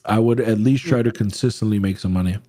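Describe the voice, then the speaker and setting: A man's voice: on the low side, fast talker, warm tone, no room sound. A man hosting a trading livestream, chatting casually and answering viewer questions in a laid-back, slangy, profane way.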